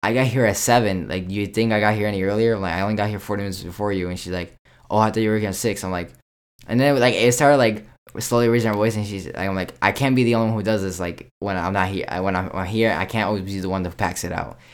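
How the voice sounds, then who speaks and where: Deep-voiced young man telling a story. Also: rapid-fire, clear, resonant tone. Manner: animated storytelling, acts out quoted exchanges; frequent restarts and "I'm like". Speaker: podcast co-host. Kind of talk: casual chat.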